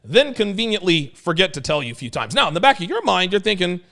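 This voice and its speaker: Animated man telling a crude story. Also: fast, vocal fry. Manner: animated, crude, swings between low mutters and excited bursts. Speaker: host. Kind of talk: livestream talk, storytelling to a chat.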